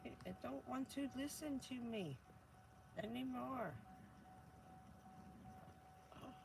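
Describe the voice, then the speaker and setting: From inside her camper van, a woman with a cold-roughened, hoarse and stuffy voice chats casually on a vanlife livestream, laughing often and answering viewers. Her voice sits high and her pace is measured, over a noisy background.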